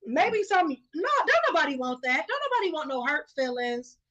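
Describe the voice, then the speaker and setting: A woman's voice: high-pitched, big pitch swings, normal speed, a bit bright. A woman hosting a live talk stream, arguing bluntly and emphatically in casual debate, swearing freely. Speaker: host.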